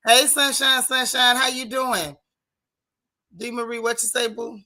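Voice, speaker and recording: A woman hosting a casual livestream, greeting viewers one by one in a lively, down-home way. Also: a little high, measured pace. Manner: lively, Southern-tinged casual talk with chat shout-outs. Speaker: livestream host.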